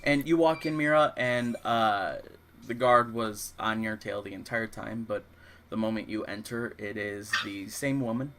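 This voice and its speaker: A man's voice: lowish voice, a little slow, a bit bright, slight background noise. A man running a tabletop game as dungeon master, narrating casually with many fillers.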